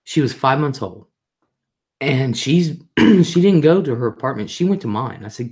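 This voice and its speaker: Expressive and extremely low-pitched, her darkish voice moves at a moderate pace. She's a middle-aged livestream host who reads viewer comments, tells family stories chattily while repeating herself, and mimics voices from those family moments.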